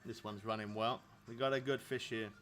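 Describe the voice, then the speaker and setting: A man's voice: fairly low pitch, fairly even intonation, a little fast, fairly bright tone, faint music behind. A man in his thirties from England, rambling casually to his viewers while streaming a fishing game. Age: 30s. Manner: rambling, chatty, laughs often. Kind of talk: casual live-stream chat.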